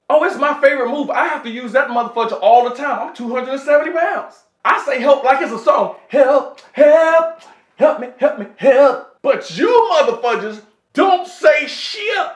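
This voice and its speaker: Profane, animated man ranting to camera. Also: very high voice. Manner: profane, animated, talks to viewers as folks. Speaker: vlogger. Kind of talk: casual comedic rant to camera. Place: indoor room with wooden floor. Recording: echoey room.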